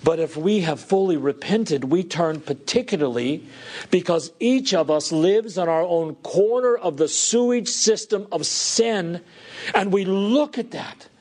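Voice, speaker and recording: A man with a rather high voice delivers an earnest sermon. He speaks slowly and deliberately, pressing each point with emphasis. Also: darkish tone. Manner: earnest, emphatic preaching with slow deliberate phrasing. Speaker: pastor.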